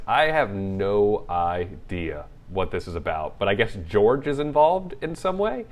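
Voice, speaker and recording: Dry-humored young man, low voice. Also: sing-song, a little slow, hardly any pauses. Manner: dry, teasing, low-key. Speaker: podcast co-host. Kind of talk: casual chat.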